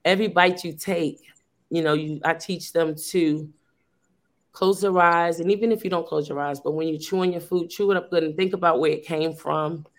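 A woman's voice: fairly low pitch, steady tone, moderate pace. A woman, a teacher, talking earnestly and at length over a video call, with lots of fillers and restarts. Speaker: teacher and youth program founder. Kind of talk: casual conversational sharing.

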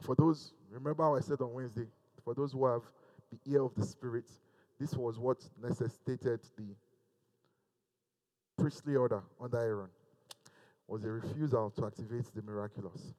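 A man's voice: medium pitch, normal speed, pauses often, mellow, poor audio. A male pastor preaching a sermon in a church service, emphatic and repeating phrases for emphasis.

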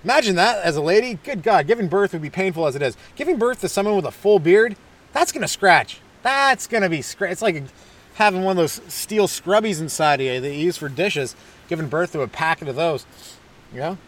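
A male comedian tells rambling, self-deprecating stories in a loose stand-up style. His voice sits a little high for a man and keeps jumping around with hyperactive energy. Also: brisk. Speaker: stand-up comedian and podcast host. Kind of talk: stand-up style comic monologue.

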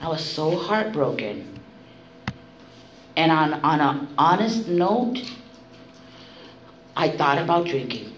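A woman giving candid spoken testimony at a recovery meeting, blunt and profane, telling her story with animated delivery. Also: sits low, slow, pauses often. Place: meeting room. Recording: echoey room, faint noise.

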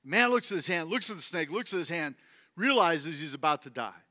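A brisk guest preacher with a higher-than-average voice delivers an energetic sermon, repeating phrases for emphasis and prompting the congregation to respond.

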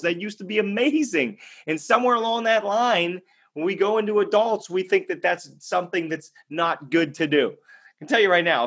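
A man's voice: a little high, a bit bright. A man giving a motivational monologue, telling a story in an emphatic, blunt way and answering his own rhetorical questions. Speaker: motivational speaker.

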